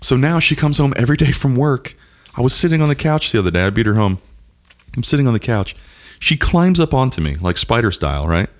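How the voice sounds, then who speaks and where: A man in his thirties hosts a loose, crude comedy chat with his friends. His pitch swings widely as he tells stories, and he jumps up high when he mimics his wife. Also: very animated, quick pace. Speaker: podcast host.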